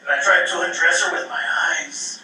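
A man voicing a crude old father who delivers vulgar one-liners deadpan, on a small stage mic. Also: high voice, moderate pace. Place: small coffee-house stage. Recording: echoey room, far from mic, faint noise.

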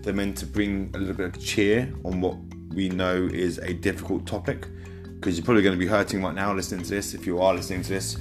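A man's voice: low voice, little pitch movement, fast talker, over music. A man hosting a podcast, giving a loose, rambling intro and correcting himself as he goes. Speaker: podcast host.

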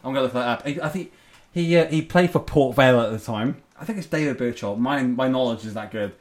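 Podcast guy, mid pitch, laughing a lot, rambly banter, bit of swearing. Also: fast. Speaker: podcast host. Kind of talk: casual chat.

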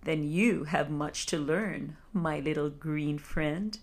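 A woman voicing a wise, well-traveled old male sea turtle in a husky voice, speaking slowly and gently in a bedtime story. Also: low-pitched, pitched below the performer's own voice, exaggerated voice. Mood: wistful. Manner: slow, gentle and calm.

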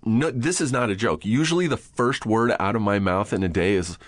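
A man's voice: on the low side, a little fast. A man hosting a podcast, telling crude, self-mocking stories and acting out his own muttering. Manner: profane, self-mocking storytelling. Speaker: podcast host. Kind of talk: casual chat.

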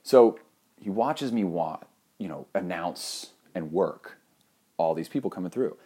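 Young adult man with a somewhat low voice, comic storyteller: animated, crude, self-deprecating. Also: measured pace, slightly rough. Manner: animated, profane, self-mocking, laughs often. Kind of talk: comedic personal anecdote.

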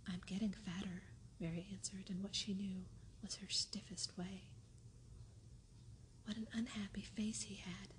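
Softly whispering woman storyteller, whispered role-play. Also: medium pitch, steady tone, measured pace, long pauses, a little hiss or hum. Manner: soft, unvoiced whisper. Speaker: audiobook reader.

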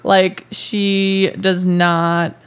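A woman's voice: fairly low pitch, flat delivery, drawn-out words, clean tone, lo-fi sound. A woman hosting a podcast, telling a story in a casual, chatty way, laughing often and using many filler words. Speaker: podcast host.

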